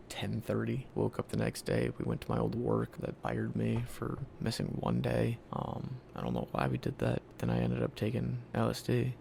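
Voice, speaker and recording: A man's voice: fairly low pitch, creaky, a little mellow, slight background noise. A young man from Virginia casually telling his life story in a blunt, profane, candid way, acting out what people said to him. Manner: blunt, profane, candid, acts out quoted lines.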